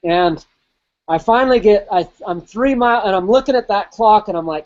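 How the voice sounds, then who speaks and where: A man's voice: sits high, moderate pace, darkish tone, lo-fi sound. A man telling a personal race story in a casual, vivid way, with swearing and quoted inner thoughts. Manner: vivid, profane, replays his own inner voice. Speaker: podcast host.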